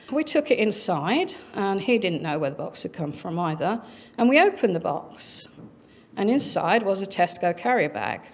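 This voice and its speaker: A middle-aged woman speaking at a conference, telling a personal anecdote in a chatty way with many fillers and acted-out quotes. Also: mid-range voice. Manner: chatty, frequent fillers, acts out quoted voices.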